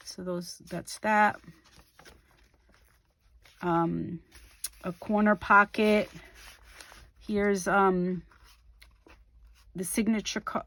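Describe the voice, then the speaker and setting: A middle-aged woman talks through a crafting project in a slow, unhurried way. She fills pauses with ums and corrects herself as she goes, in a casual, homey narration. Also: mid-range voice. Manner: relaxed and unhurried, with frequent ums and small self-corrections. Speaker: craft video host.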